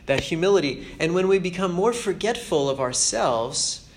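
A man's voice: high-pitched, lively intonation, normal speed. A man giving an informal, earnest spiritual talk as a preacher, conversational and self-deprecating. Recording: roomy echo with faint ambience.

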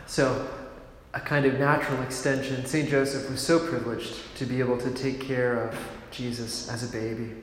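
A man of middle pitch preaches a homily in a soft, reflective way, taking his time and laughing quietly now and then. His voice rings through a very reverberant hall with a long echo tail. A faint hum of room noise sits underneath. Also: flat delivery, normal speed. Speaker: priest in a monastic order. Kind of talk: sermon.

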